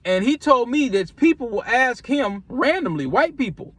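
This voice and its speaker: A man's voice: very high-pitched, sing-song, moderate pace, a bit bright, dry recording. A man from Minnesota telling a casual storytime, loose and rambling, with many restarts and repeats. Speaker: vlogger.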